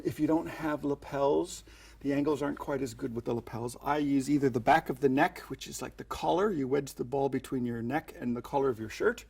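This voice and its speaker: A man's voice: medium pitch, creaky, darkish tone, husky. A man teaching sleight-of-hand magic tricks in a chatty, playful way, slipping into showman patter as he demonstrates. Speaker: magic instructor.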